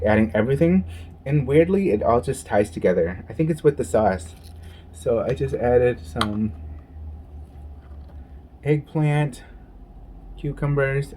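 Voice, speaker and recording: A man's voice: mid-range voice, background noise. A man chatting casually while eating on camera and telling a story, with gushing exclamations and eating sounds. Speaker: mukbang vlogger.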